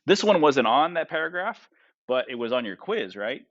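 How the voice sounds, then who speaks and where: A man's voice: on the high side, very animated, normal speed, dull audio. A man teaching a math class, who keeps asking his students questions and tags his points with "right?" and "okay?". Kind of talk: classroom lecture.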